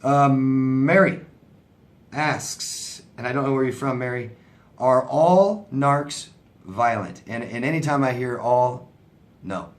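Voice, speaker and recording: A man's voice: mid-range voice, fairly even intonation, a little slow. A man answering viewer questions as a relationship coach, in a conversational, sympathetic way, often asking "right?". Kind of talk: casual advice talk.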